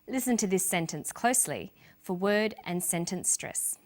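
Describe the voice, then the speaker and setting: A woman presenting an English lesson, reading example sentences and slowly stressing syllables for learners. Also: mid-range voice, animated. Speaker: English language teacher. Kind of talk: scripted teaching narration.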